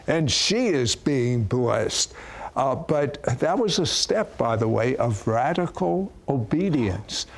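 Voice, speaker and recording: A male talk show host asking his guest questions in a slow, unhurried way. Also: medium pitch, very animated, vocal fry. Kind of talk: casual interview.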